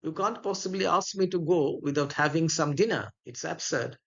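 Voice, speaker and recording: Algernon, a man reading as a languid, flippant young gentleman, unbothered and witty, in a plain read-aloud delivery. The voice sits slightly high. The recording is muffled and lo-fi. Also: normal speed, gravelly. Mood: airy, flippant.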